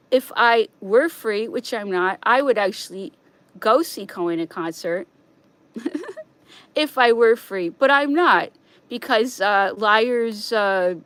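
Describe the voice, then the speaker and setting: A woman's voice: a little high, no room sound. Agitated woman ranting on a stream. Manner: agitated, repetitive, swings from loud to hushed. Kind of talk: rambling monologue stream.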